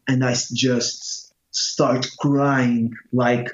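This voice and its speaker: A man from Portugal with a Portuguese accent, telling a personal story in casual talk, halting with many restarts and fillers. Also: mid-range voice, little pitch movement. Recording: echoey, muffled room sound.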